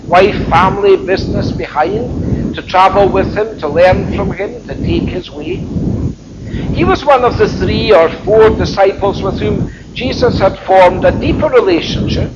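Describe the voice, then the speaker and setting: A man with a high voice retells a story as a sermon in a reflective, colloquial way. The recording is dull and muffled, and loud wind noise rushes across the mic. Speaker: preacher.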